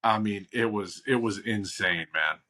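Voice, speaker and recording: Chill podcast host guy from chicago, lowish voice, rambles with lots of "man" and "like". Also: measured pace. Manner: relaxed, slangy, rambling. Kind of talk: casual podcast chat.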